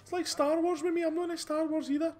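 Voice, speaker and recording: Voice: extremely high pitch, level tone, fast, darkish tone. A host with a Scottish accent giving casual, rambling commentary over gameplay, chatty and full of restarts. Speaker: gaming channel host.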